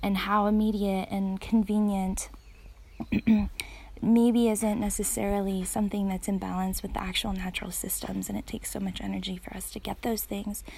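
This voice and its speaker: A thirty-something woman reflects out loud while standing outside. She talks in an earnest, thoughtful way, pausing on fillers and restarting her sentences. Her voice sits at a middle pitch with a gravelly, creaky texture. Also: little pitch movement. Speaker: parent sharing reflections. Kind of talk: casual spoken reflection. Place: outdoors.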